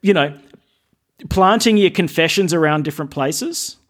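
A man's voice: on the high side, moderate pace, fairly bright tone. A man with an Australian accent, a Catholic priest speaking as a podcast guest in casual chat, earnest and witty, often repeating phrases for emphasis.

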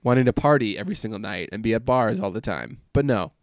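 A man's voice: fairly low pitch, animated, fast, dry recording, studio quality. A young man from Minnesota chatting casually as a podcast host at home, rambling with lots of fillers and restarts. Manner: rambling, filler-heavy, self-interrupting. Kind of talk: casual chat. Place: home gaming room.

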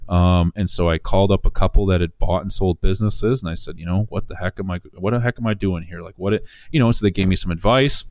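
A man casually telling the story of buying a business, animated, acting out quoted dialogue with restarts. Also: sits low, quick pace, hardly any pauses, no echo. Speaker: small business owner telling his story.

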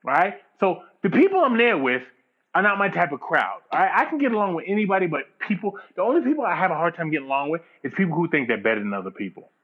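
A man with a fairly high, lively voice tells a long profane story over a dull lo-fi recording. He acts out the people in it as he goes, rising and dropping with each turn. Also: fast. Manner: animated, profane, mimics people in his story.

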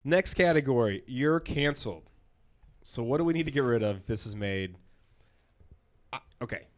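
A man hosting a casual podcast chat, relaxed and blunt, moving through segments. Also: mid-range voice, normal speed, long pauses. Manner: relaxed, swears, runs the segments.

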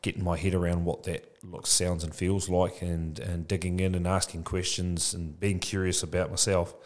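A man's voice: deep voice, little pitch movement, moderate pace. A man in his forties talking candidly as a podcast guest, casual and reflective, calling the host "bro" a lot. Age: 40s. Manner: casual, says "bro" often, frank and reflective. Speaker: podcast guest, childcare business founder. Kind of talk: candid conversational interview.

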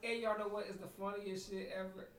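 A man with a fairly high voice hosting a laid-back podcast. He jokes and tells stories in loose slang. His voice carries a roomy echo. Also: fairly quick. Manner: loose slangy banter, animated storytelling. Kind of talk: casual chat.

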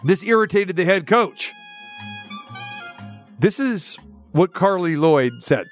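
A man's voice: sits high, expressive, takes it slowly, soft background music. A man hosting a sports talk show, chatting casually and rambling as he restates his points to a co-host.

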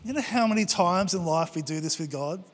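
This pastor's voice sits high and is expressive and brisk as he delivers a passionate sermon to his congregation. He dramatizes prayers and quotations, all under a long hall reverb.

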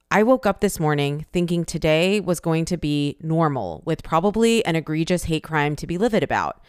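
A woman's voice: low-pitched, lively intonation, normal speed, few pauses, clean tone, dry recording, clean studio sound. A young Asian American woman giving an impassioned personal statement, emphatic and pointed, with insistent repeated phrases.

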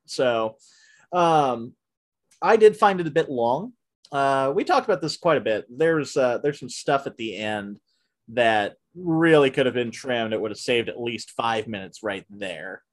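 Chatty man rambling through a movie review. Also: medium pitch. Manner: rambling, frequent fillers and restarts, animated rants. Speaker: podcast host. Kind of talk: casual movie review chat.

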